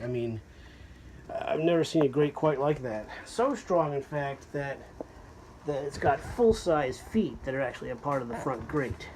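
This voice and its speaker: Man, casual collector, rambling delivery, mid-pitched voice, faint noise behind him. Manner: rambling, hesitant, lots of fillers. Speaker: vintage fan collector. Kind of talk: casual show-and-tell narration. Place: porch at home.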